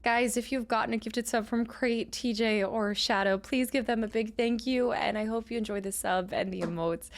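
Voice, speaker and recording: A woman streaming a game, chatting casually with her viewers, laughing often and shouting during fights. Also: on the high side, moderate pace. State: out of breath. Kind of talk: casual live-stream gameplay chat.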